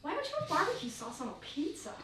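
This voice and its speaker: A woman's voice: high voice, very animated, fast talker. A woman, the streamer's mother, chatting casually with him in a dry, matter-of-fact way. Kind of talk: casual conversation.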